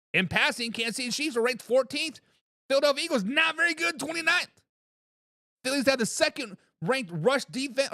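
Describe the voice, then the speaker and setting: Excitable man hosting a sports stream. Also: extremely high pitch, dry recording, clean studio sound. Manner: excitable, laughs and repeats himself, teases commenters. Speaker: sports talk show host. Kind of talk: live-stream chat reading viewer comments.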